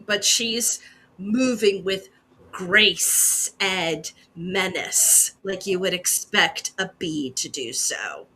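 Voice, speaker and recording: Gm lady setting the scene real slow, bright husky voice. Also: fairly low pitch, a little hiss or hum. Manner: descriptive, unhurried, second-person scene-setting. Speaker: game master. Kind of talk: narrating a tabletop game.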